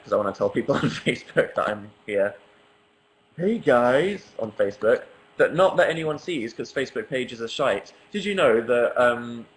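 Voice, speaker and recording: A man's voice: medium pitch, a little hiss or hum, rough recording. Wry young English guy livestreaming. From England. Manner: wry, sarcastic, self-mocking. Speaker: livestream host. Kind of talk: casual livestream chat reading comments. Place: apartment living room.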